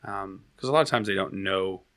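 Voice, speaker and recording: A man's voice: low-pitched, brisk, vocal fry, a bit bright. A man co-hosting a casual conversation, asking questions and laughing easily. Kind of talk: casual conversational podcast talk.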